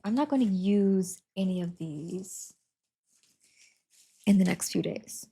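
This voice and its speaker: A woman's voice: medium pitch, takes it slowly, dark tone, slight background noise. A woman livestreaming from home, chatting casually and laughing as she reads and answers her chat while packing. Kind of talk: casual live-stream chat.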